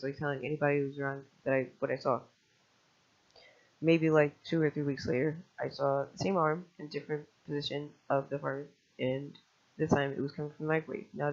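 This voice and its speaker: Gravelly man rambling through a testimony. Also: fairly high pitch. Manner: fast, scattered retelling with restarts and casual swearing. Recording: dull lo-fi recording.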